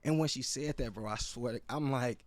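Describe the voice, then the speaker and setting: A man's voice: mid-range voice, fairly quick, no room sound. Earnest slang-heavy man, dry sound. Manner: earnest, emphatic, peppered with slang like "bro". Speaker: podcast host and restorative practitioner. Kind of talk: casual podcast chat.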